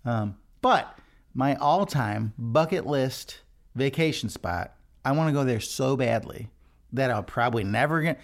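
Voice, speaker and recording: A man's voice: mid-range voice, creaky. A man who leads worship, hosting a devotional podcast in an earnest, conversational way, often restarting his sentences. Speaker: worship leader, podcast host.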